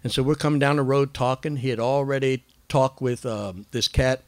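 A man telling his recovery story in a casual, rambling way, full of slang and fillers, who acts out other people's lines in a higher voice. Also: moderate pace, darkish tone, no room sound. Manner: acts out quoted voices with raised pitch.

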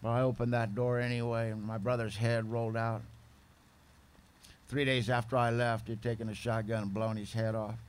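A man with a middle-pitched voice tells his own story in a plain-spoken, confessional way. He speaks as a recovery-meeting speaker, candid and direct. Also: flat delivery, moderate pace, clean tone. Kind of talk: personal testimony storytelling.

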